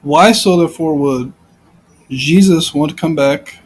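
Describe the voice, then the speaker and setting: A man's voice: on the high side, a little slow, husky, rough recording. A man giving informal, rambling commentary on scripture, repeating himself and piling up rhetorical questions. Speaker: Bible commentator.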